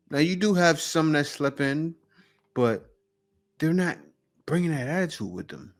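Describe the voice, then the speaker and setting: A man's voice: a little high, animated, unhurried, faint music behind. A man hosting a reaction video, giving casual, opinionated commentary. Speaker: reaction host.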